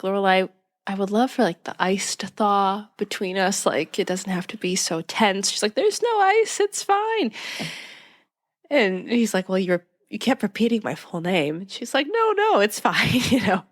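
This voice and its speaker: A woman's voice: mid-range voice, normal speed. A young woman co-hosting a casual podcast, animatedly retelling a TV episode, dropping her voice to quote characters and laughing often. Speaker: podcast co-host. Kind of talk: casual chat recapping a TV episode.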